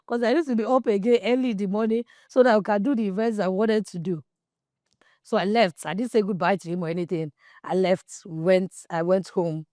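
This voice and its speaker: A woman's voice: medium pitch, dry recording, studio quality. Nigerian woman telling a candid story. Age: 40s. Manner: animated, slips into pidgin and plays out quoted dialogue. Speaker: podcast host.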